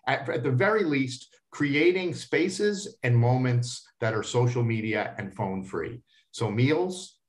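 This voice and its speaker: A middle-aged man speaks as an expert guest in an interview, at a medium pitch. He gives advice to parents earnestly, often repeating a word while he gathers his thoughts. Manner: earnest, advising, repeats words as he thinks. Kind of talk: interview answers.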